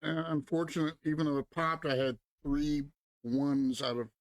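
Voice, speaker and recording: A man's voice: fairly high pitch, steady tone, moderate pace, dry recording. A man playing a tabletop game, describing his moves in a hesitant, searching way. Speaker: player. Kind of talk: casual tabletop play.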